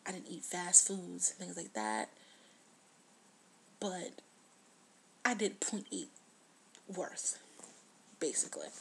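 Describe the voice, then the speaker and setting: A woman in her twenties talking earnestly to the camera in a confessional video diary, sometimes dropping to a hush. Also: on the low side, gravelly, slight background noise. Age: 20s. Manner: earnest, heartfelt, drops to a hush at times. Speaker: vlogger.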